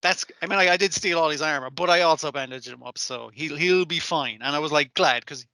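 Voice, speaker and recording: A man hosts a podcast in loose, sweary chat. His voice is bright and forceful, pitched a little high. The sound is dry and close, and he keeps breaking into character lines. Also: brisk, dry recording. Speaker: podcast host. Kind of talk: casual chat.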